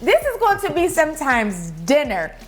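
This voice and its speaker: High bubbly woman hosting a cooking show, voice all over the place, faint music under it. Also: moderate pace, a crowd in the background. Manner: animated and effusive, laughs often. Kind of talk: casual cooking show chat.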